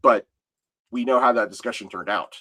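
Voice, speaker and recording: A man's voice: on the low side, normal speed, bright, forceful tone, husky. Man thinking aloud on a podcast. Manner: explains lore at length, thinking aloud. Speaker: podcast co-host. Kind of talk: casual podcast discussion.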